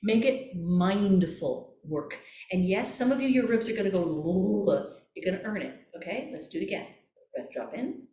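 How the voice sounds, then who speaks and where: A woman voice coach calmly guiding a breathing exercise, repeating gentle cues. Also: medium pitch, moderate pace, a little hiss or hum. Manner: calm, coaxing, repeats cues. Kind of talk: guided breathing exercise instruction. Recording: echoey room.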